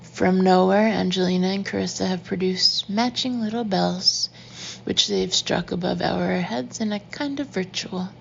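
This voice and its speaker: A woman reading a first-person story aloud in an intimate, often hushed and breathy manner. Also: medium pitch, unhurried, muffled recording, slight background noise. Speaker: audiobook narrator. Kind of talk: first-person audiobook narration.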